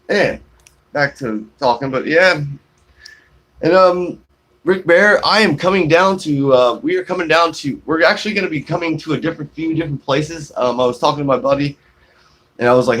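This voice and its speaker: A man's voice: on the high side, normal speed, long pauses, a bit bright. A man live-streaming from his shaded porch, chatting casually and reading out viewer comments, rambling with many fillers and restarts. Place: outdoors on a shaded home porch.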